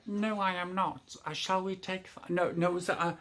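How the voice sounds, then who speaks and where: A British man putting on the voice of a stiff, unhelpful talking smartwatch assistant with flat, formal, robotic phrasing, raised higher than his own. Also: normal speed.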